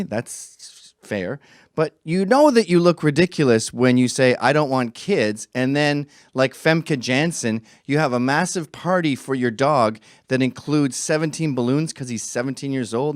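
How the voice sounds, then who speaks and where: A middle-aged man giving a sarcastic, profane opinion monologue, swinging from quiet asides to shouting. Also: a little high, no echo, clean studio sound. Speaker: commentator.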